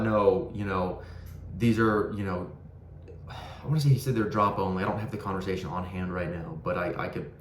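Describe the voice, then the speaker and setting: A man ranting casually, frustrated and profane, rambling with frequent restarts. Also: fairly low pitch. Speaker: knife collector ranting on his channel. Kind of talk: casual rant. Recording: echoey room with faint ambient noise.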